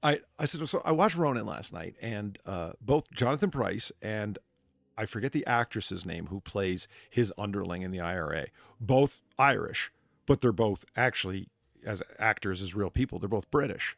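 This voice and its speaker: A man from the United States hosts a live stream with a gravelly voice that swings widely in pitch. He rambles casually and swears freely, restarting his sentences as he goes. The sound is dry and close. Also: animated, normal speed, no room sound. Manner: rambling, profane, with frequent restarts. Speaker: streamer and bartender host.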